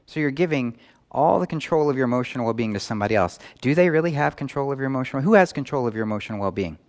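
This New York church pastor races through his sermon in an expressive, medium-pitched, slightly mellow voice. Question follows question as he addresses his listeners.

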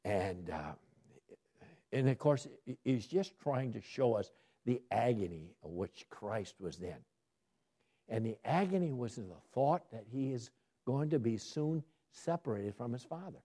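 Lively, warm-voiced man teaching a Bible lesson. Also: mid-range voice, unhurried. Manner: asks the listeners questions and answers them himself; lively, rising emphasis on key words. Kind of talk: sermon-style Bible study.

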